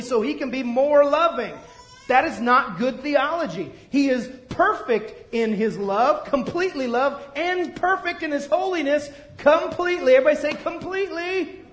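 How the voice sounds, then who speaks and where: A man with a high voice delivers a sermon, pressing his points hard and calling out to the people before him. His voice rings through a roomy, echoing church hall. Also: fairly bright tone. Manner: emphatic, calls out to the congregation. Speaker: pastor.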